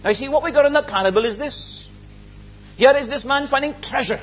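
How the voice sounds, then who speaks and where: A man delivers an earnest, emphatic sermon, his high voice rising and falling widely with a husky edge. The recording is slightly dull and lo-fi, with faint music behind him. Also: very animated, fairly quick. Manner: earnest, emphatic, rhetorical questions. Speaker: preacher.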